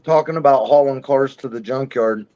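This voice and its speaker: A man's voice: medium pitch, normal speed, no echo. A man telling blunt, matter-of-fact stories in casual chat. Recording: dull dry lo-fi audio.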